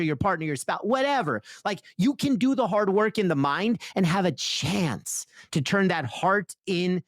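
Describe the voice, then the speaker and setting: A man talking as a podcast guest and author, telling energetic stories with lively voiced asides. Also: sits high, dry recording, studio quality. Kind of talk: conversational interview.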